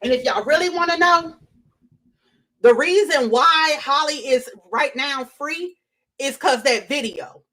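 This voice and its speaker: A woman hosting a casual live-stream, talking straight to her chat in an animated way and repeating her points for emphasis. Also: high voice, measured pace. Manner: animated, repeats herself, addresses chat directly. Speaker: livestream host.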